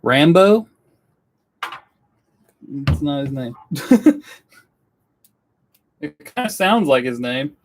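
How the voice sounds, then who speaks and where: A man's voice: a little high, very animated, extremely slow, long pauses, slight background noise. A young man from Western North Carolina chatting casually to viewers on a live stream in his studio, rambling and earnest. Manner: rambling, earnest, self-interrupting. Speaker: woodworking YouTuber on a live stream. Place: indoor studio workspace.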